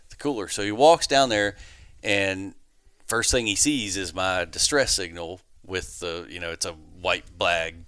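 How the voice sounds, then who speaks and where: A man tells a story in a lower voice with a bright, forceful edge. He is animated and often laughs, putting on the voices of the people in his tale. The sound is dry and close. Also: clean tone, dry recording. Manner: animated, laughing storyteller who acts out quotes. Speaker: podcast guest. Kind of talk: casual storytelling.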